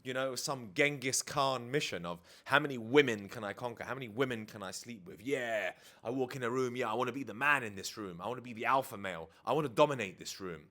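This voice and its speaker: Speaking fast with hardly any pauses, a dating and life coach delivers a candid confessional to camera in a medium-pitched, bright, forceful voice. He sits indoors in front of DJ kit, reflective and frank, with the occasional casual swear.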